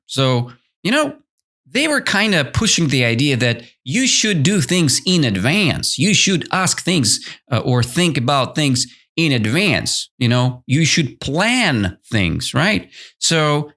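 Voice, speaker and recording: A podcast host whose first language is Russian walks learners through a children's story in a chatty, animated way. His pitch rises and falls a lot as he explains. He speaks slowly and often corrects himself mid-sentence. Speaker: English teacher, podcast host. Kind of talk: storybook lesson explaining vocabulary.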